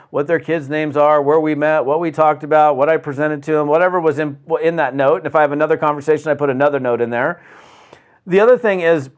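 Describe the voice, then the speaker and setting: A man from the United States giving an energetic, conversational motivational talk on business, often restarting phrases and acting out quotes. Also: fairly high pitch. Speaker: network marketing speaker.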